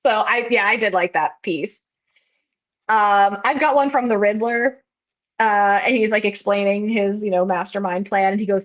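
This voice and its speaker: A woman's voice: mid-range voice, moderate pace. Giggly woman on a dull lo-fi mic. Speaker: podcast co-host. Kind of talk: casual movie-review chat.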